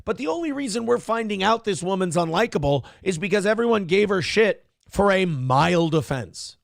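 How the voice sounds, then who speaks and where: Sarcastic swearing host guy, high gravelly voice, dry close sound. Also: animated, moderate pace, no room sound. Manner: sarcastic, swears heavily, rants. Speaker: morning show host. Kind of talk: profane commentary on a viral video.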